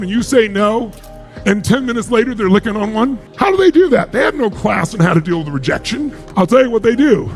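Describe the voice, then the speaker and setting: A man's voice: high voice, animated, a little fast, faint music behind. A middle-aged man giving a motivational speech to a live audience, emphatic and full of rhetorical questions. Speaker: motivational speaker.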